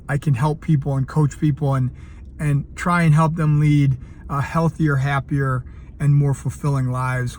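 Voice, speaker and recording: A man's voice: medium pitch, a little mellow, a little hiss or hum. A man in his fifties, a coach, telling a personal story earnestly, with frequent fillers and restarts. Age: 50s. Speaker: CrossFit coach. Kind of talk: casual personal vlog storytelling.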